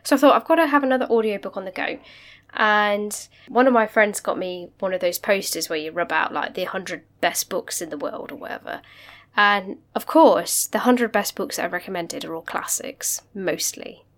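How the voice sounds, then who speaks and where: A young woman co-hosting a book podcast, chatting casually and telling animated stories with frequent laughs. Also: mid-range voice, normal speed. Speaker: podcast co-host. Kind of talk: casual chat.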